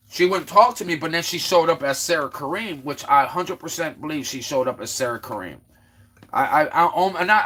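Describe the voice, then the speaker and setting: A man hosting a livestream, telling a long story in a rambling way, stumbling over repeated words and quoting others in his own voice. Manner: exclaims loudly then trails off low. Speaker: livestream host. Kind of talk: casual ranting monologue.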